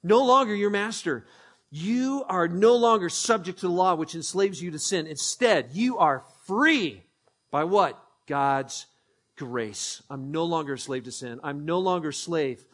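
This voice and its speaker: A man's voice: a little high, lively intonation, measured pace. A man preaching a sermon as pastor, emphatic, repeating phrases and leading the congregation in call-and-response. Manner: emphatic, swings from hushed to ringing, repeats phrases.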